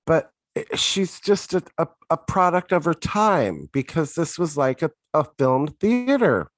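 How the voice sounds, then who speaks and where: Dude on a tv podcast, dry jokey asides, voice moves around a lot, no room sound. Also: male voice, a little high, sing-song, measured pace, dry recording. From United States. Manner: wry, reflective, joking asides. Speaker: podcast co-host. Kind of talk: casual chat recapping a TV episode.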